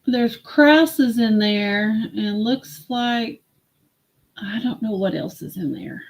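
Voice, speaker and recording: A woman hosting a live-stream vintage sale, slowly admiring and describing glassware. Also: fairly high pitch. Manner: slow, admiring product descriptions.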